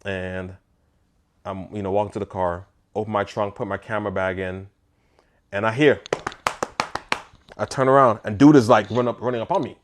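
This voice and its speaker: A man, a photographer, telling a story in a casual storytime vlog, animated and conversational with bits of mock disbelief. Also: fairly low pitch, moderate pace, long pauses.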